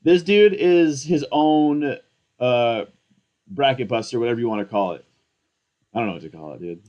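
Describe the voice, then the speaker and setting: A young man in casual commentary, excitable and rambling, slangy and self-mocking, hyped up on coffee. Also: medium pitch, normal speed, lo-fi sound. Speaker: fantasy football content creator.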